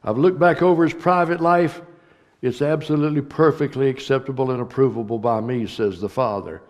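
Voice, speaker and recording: A man preaching a sermon as pastor, swinging between loud emphatic lines and hushed ones. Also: medium pitch, steady tone, normal speed, in a large hall. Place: church sanctuary.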